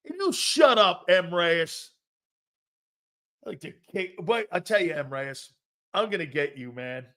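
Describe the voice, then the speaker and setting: A man hosting a live sports talk show, loud and jokey, talking straight to his viewers. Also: fairly high pitch, unhurried. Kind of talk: live-stream sports talk reading chat.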